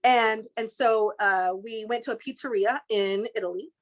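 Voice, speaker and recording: Lively woman telling a story. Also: normal speed. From Inglewood, California. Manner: lively, mimics voices, frequent pitch jumps. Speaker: interview guest. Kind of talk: animated storytelling.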